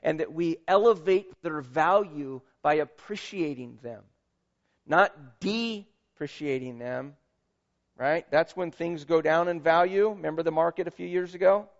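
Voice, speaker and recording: A man's voice: on the high side, unhurried, lo-fi sound. A man preaching a sermon as pastor, emphatic and conversational, with asides to the congregation.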